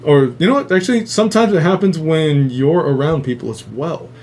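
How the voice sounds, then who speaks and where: A man's voice: a little high, expressive, fairly quick, darkish tone. A man hosting a casual live stream, rambling with heavy swearing and frequent laughter, with a faint hum behind him. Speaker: host.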